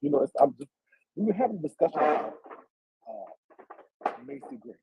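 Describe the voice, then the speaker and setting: A man's voice: on the high side, wildly swooping pitch, normal speed, creaky, husky, dry recording, highs cut off. A man hosting a casual livestream interview, speaking hesitantly with many fillers and encouraging his guest.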